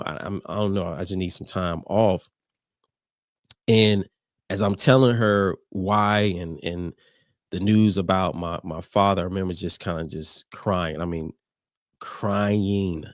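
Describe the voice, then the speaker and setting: Deep-voiced man giving a halting, heartfelt talk. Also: dry recording, studio quality. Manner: halting, personal, with many restarts and fillers. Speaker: podcast host. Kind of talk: reflective faith-based leadership talk.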